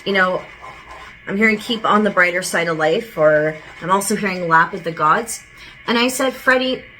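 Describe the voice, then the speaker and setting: Bright-voiced woman giving a casual psychic reading. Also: fairly low pitch, a little hiss or hum, rough recording. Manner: casual, rambling, relays quotes with "he goes". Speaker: psychic medium. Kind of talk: channeled spirit reading.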